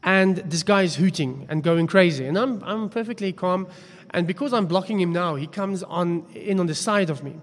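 A man preaching a sermon, telling a story in a chatty, self-deprecating way. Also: high voice. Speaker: pastor. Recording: long hall reverb.

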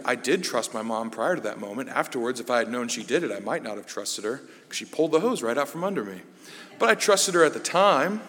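A man giving a conversational sermon as a Bible study teacher, telling stories about himself with a self-deprecating, relaxed manner. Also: medium pitch, in a large hall.

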